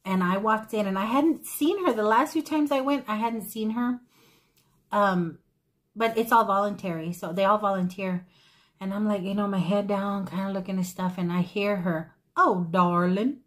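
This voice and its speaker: A woman talking casually into a camera mic at her table. She rambles through a thrift-store story with tangents and gushes warmly to her viewers, her voice sitting in a middle register for a woman. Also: mid-range voice, normal speed. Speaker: thrift haul vlogger. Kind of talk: casual chatty haul vlog.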